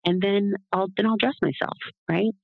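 Woman, interview guest, gravelly voice, rambling reflective chat, dry close lo-fi sound. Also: mid-range voice, fairly even intonation, moderate pace, no room sound. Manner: rambling and reflective, with frequent tag questions. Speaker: guest, doula. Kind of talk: casual interview talk. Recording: dull, lo-fi, dry.

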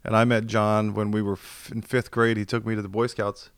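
Man with a smooth voice telling a story. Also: fairly low pitch, a little fast, no echo, clean studio sound. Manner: animated storyteller, acts out quoted voices, swears freely. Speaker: podcast guest. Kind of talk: casual storytelling chat. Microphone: video call.

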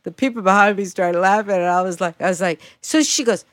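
A woman's voice: medium pitch, expressive, a little fast, no echo, clean studio sound. A woman, telling a brash, profane story in casual chat. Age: 50s.

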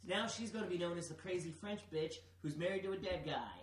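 A man's voice: sits high, fast, a crowd in the background. A man in his thirties trades crude jokes on a podcast, cursing freely and talking over his partner. His voice carries a noticeable room echo. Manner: profane, joking, talks over his co-host. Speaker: podcast co-host. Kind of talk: casual crude banter.

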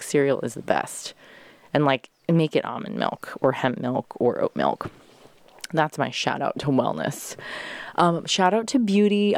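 Podcast host from Southern California, fast, gushing, dry close-mic sound. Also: mid-range voice, a little mellow, no room sound. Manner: fast, gushing, sprinkled with swearing and laughter. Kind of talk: casual solo podcast chat.

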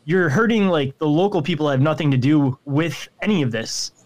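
A man hosting a podcast who talks in quick, indignant bursts, swearing and saying "like" and "dude" a lot. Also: a little high. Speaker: podcast host. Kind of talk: casual podcast chat.

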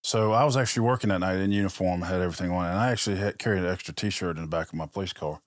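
Deep-voiced man telling lively stories. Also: rapid-fire, dry recording, studio quality. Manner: animated storyteller acting out quoted dialogue. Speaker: podcast guest, police officer. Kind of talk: casual storytelling chat.

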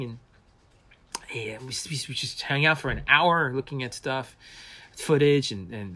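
Man, mid-pitched, animated anecdotal guest, halting restarts. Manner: animated storyteller with many restarts. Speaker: animation and visual effects artist, guest. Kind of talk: casual anecdotal interview.

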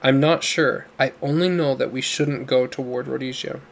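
A man voicing a quiet, hesitant young man. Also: mid-range voice, fairly even intonation, moderate pace, gravelly, lightly acted.

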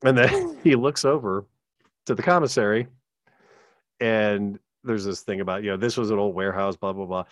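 A man's voice: on the low side, big pitch swings, moderate pace, dry recording. A man rambling through a secondhand story in casual chat, stumbling and restarting, swearing now and then.

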